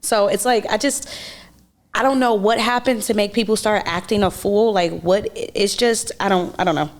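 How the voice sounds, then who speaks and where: A woman co-hosting a casual podcast, talking in a voice of middle pitch. She teases and ranges freely, winding into long opinionated rants full of restarts. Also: fairly even intonation, moderate pace. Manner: teasing, then ranting with opinions. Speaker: podcast co-host. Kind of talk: casual chat.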